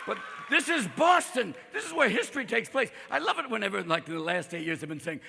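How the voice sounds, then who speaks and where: Male stand-up comic, manic and profane, high bright gravelly voice, lively pitch; live show, faint crowd. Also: in a large hall, a little hiss or hum. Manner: rapid-fire, manic, profane, constant character voices. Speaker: stand-up comedian. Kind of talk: stand-up comedy set. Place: live comedy venue with audience.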